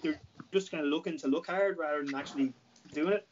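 A man's voice: on the high side, fast. A man co-hosting a podcast, chatting casually and agreeably, backing up the other speaker. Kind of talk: casual chat. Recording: dull lo-fi audio.

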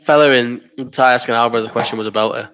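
Bright-voiced sweary man, sick. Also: medium pitch, fairly even intonation, racing. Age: 30s. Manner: sweary, rambling banter. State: sick with a cough. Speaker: live chat host. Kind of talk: casual live-stream chat reading comments. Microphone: desk microphone.

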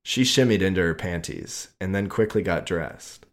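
A man reading his own adult short story aloud in a slow, measured way. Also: low-pitched, expressive.

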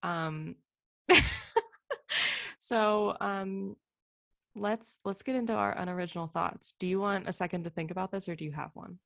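A woman's voice: medium pitch, a little slow, gravelly, pauses often, fairly bright tone. A young woman co-hosting a podcast, playful and giggly, chatting casually with many fillers. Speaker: podcast co-host. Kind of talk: casual chat.

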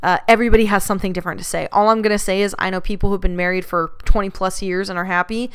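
A woman talks openly and casually, giving frank advice like an older sibling. Her voice is very smooth and resonant at a middle pitch. She is chatty and swears easily, with plenty of "like" and "you know.". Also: fairly even intonation, racing. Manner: candid and chatty, swears freely, many "like" and "you know" fillers. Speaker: podcast host.

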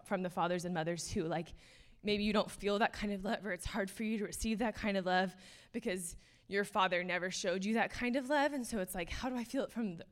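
A young adult woman giving an earnest, casual sermon, full of fillers and passing laughs. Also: medium pitch. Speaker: speaker.

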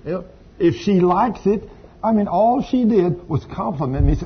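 A man's voice: sits high, expressive, moderate pace, a little hiss or hum. A man preaching a sermon, folksy and storytelling, with asides to the congregation. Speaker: pastor. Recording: dull lo-fi sound with faint ambience.

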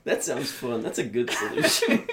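A man's voice: medium pitch, huge pitch swings, normal speed, fairly bright tone. A young man co-hosting a comedy podcast, telling silly stories in casual banter and giggling often. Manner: giggly, joking, playful storytelling. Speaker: podcast co-host.

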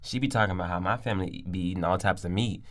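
A man's voice: low voice, racing, a crowd in the background. A young man co-hosting a casual podcast, making dry, wry asides and mimicking the people he quotes. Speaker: podcast co-host. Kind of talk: casual chat.

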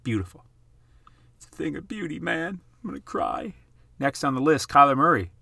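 A man hosting his own channel, chatting casually over price charts in an excitable, emphatic way, repeating phrases for effect. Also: a little high, fairly quick, creaky, no echo. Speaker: YouTube host.

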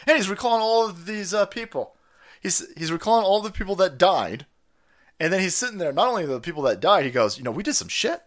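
A man's voice: sits high, animated, a little fast. A middle-aged man hosting a ranting commentary livestream, profane and sarcastic. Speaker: livestream host.

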